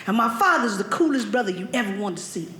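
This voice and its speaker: A woman's voice: medium pitch, expressive, quick pace. A young woman performing a stand-up comedy set, telling stories and laughing through her lines. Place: comedy club stage before an audience. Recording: echoey stage with loud noise.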